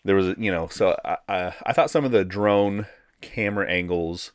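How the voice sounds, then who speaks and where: A man with a very low voice talks through a film in a casual review chat. He is relaxed and often restarts his words. The sound is dry and close. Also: normal speed, clean tone, no room sound. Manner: relaxed, repeats words while thinking. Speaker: podcast co-host.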